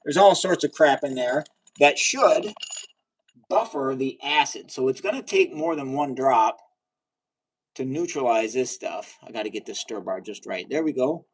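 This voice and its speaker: A man hosting a casual livestream of chemistry experiments. He chats with viewers and cheers loudly when a result goes his way. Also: mid-range voice, unhurried, slightly rough, low-quality recording. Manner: chatty and excitable, talks to viewers, cheers at results. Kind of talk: casual live science demo.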